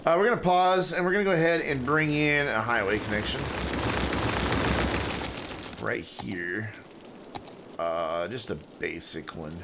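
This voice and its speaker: There's background noise as a man with a creaky, lowish voice chats through his city-building game stream. His live commentary is casual and rambling, sentences trailing off as he thinks aloud.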